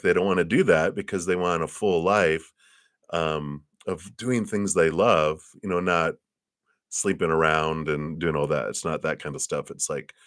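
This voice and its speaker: Man, very low voice, dry close sound; tarot reader talking a viewer through a spread, encouraging and rambly. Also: no room sound. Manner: rambling, encouraging, many fillers and restarts. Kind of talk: live tarot reading to a viewer.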